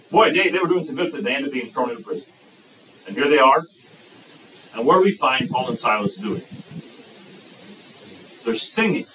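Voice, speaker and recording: A man preaching a sermon as pastor, lively and emphatic, breaking into excited shouts. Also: mid-range voice, far from the mic, slight background noise, poor audio.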